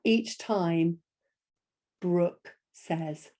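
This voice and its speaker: A middle-aged woman leading a webinar, modelling a read-aloud lesson for an imagined class with hushed whispers and excited high calls. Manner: expressive storytelling voice, big swings between hushed whispers and excited high calls; slow, deliberate teacher pacing with "copy me" prompts. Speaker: teacher trainer presenting a webinar.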